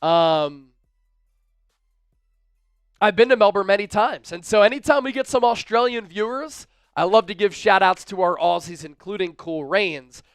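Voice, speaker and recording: A man's voice: high-pitched, lively intonation, moderate pace, clean tone, no room sound. A man hosting a live fan-channel football stream, breaking down the game and reading viewer super chats aloud with hype. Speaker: sports livestream host. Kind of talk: live fan-show commentary and chat shout-outs.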